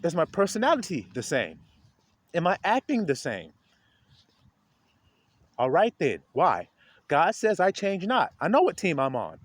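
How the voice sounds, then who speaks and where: A man with a high, lively voice preaches to his viewers from outdoors among the trees. He talks straight at them, his voice swinging up and down, and climbs to a loud preaching pitch. It sounds like a phone held as he walks. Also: measured pace, pauses often, dry recording. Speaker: street preacher. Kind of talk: informal outdoor video sermon.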